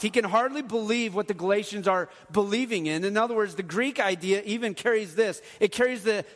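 A man's voice: high-pitched, fairly bright tone. A middle-aged man, a pastor, preaching a sermon in an earnest, conversational way with touches of humor. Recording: long hall reverb.

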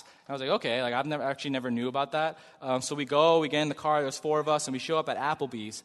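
A man's voice: fairly high pitch, quick pace, hardly any pauses. Storytelling man in a reverberant hall. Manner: animated, acts out sounds and quotes, builds to shouting. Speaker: speaker telling a personal story. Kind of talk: storytelling to an audience.

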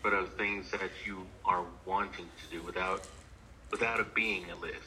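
A man in a church class answering a question, speaking haltingly and repeating words. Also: deep voice, fairly even intonation, bright, forceful tone, slight background noise, poor audio. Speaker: class member. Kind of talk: answering in a group discussion.

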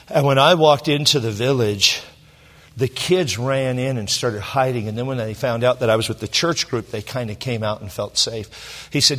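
A middle-aged man from Southern California, a pastor telling a personal story in a sermon, emotional and halting with many restarts. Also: medium pitch, fairly bright tone.

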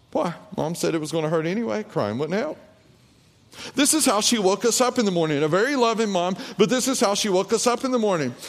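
A man preaching a sermon as the pastor, telling a childhood story and asking his congregation rhetorical questions. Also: sits high. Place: church hall. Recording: long hall reverb.

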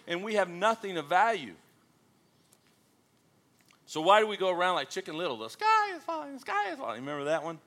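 Bright, lively male preacher. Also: high voice. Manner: animated, joking, calls out to the congregation. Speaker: pastor. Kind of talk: sermon.

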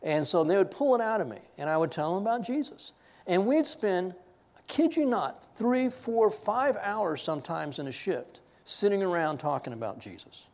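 Brief: preacher, male, storytelling sermon, lively up-and-down pitch, stumbling restarts. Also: moderate pace. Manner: animated, self-deprecating anecdote with many restarts. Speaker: pastor.

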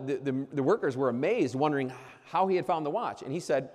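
A man's voice: medium pitch, animated, fairly quick, few pauses, a little mellow, big-room sound. Earnest repetitive preacher man. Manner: earnest, repetitive emphasis with frequent restarts. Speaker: pastor addressing new ministers. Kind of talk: sermon.

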